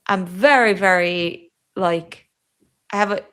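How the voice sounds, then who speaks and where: Woman, Yiddish accent, native Yiddish speaker, chatty guest, self-interrupting, mid pitch. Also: slow pace, a bit bright, clear, resonant tone. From New York, USA. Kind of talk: podcast conversation.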